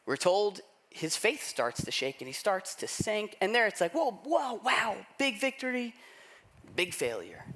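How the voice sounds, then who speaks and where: Animated preacher man telling a story. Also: high-pitched, measured pace. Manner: lively storytelling, acting out quoted lines. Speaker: pastor. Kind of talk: sermon.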